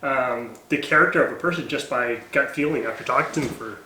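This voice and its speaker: A man co-hosting a casual podcast, joking and quick to laugh. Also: medium pitch, sharp tone, reverberant, slight background noise, low-quality recording. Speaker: podcast co-host.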